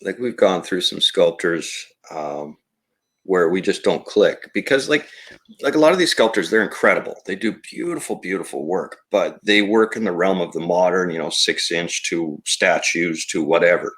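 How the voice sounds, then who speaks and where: Deep-voiced, rambling toy maker. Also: male voice, lively intonation, normal speed, a bit bright. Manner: rambling and reflective, with many fillers. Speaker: toy company co-founder. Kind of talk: casual podcast conversation.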